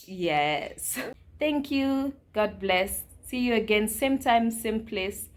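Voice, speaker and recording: Mom slowly quizzing her little kid, patient, voice sits a bit high. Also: lively intonation. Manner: patient, asks simple questions one by one. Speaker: mother and channel host. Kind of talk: teaching a young child at home.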